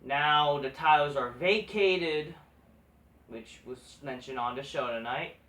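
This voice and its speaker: A man with a slightly high voice rants in a loose, profane, exasperated ramble, full of restarts and trailing thoughts. He sits back from the mic in a room that echoes, with a faint hiss under him. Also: takes it slowly, fairly bright tone, distant mic. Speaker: wrestling commentary vlogger. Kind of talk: casual rant.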